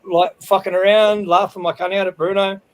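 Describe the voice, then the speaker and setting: High-voiced Australian man telling an angry story. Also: level tone, fairly quick, rough recording. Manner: heated, profane storytelling with many restarts. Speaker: livestream panel regular. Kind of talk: casual livestream chat.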